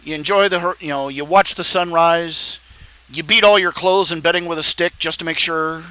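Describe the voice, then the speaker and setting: Hosting a live stream, a man rambles casually and with animation, repeating phrases and laughing at his own jokes. His voice is on the high side, his pace moderate, and the audio quality is poor.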